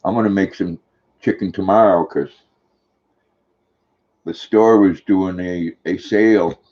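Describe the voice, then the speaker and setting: A man's voice: low voice, fairly even intonation, a little slow, highs cut off. An older man hosting a casual live stream, chatting affectionately and talking sweetly to his dog.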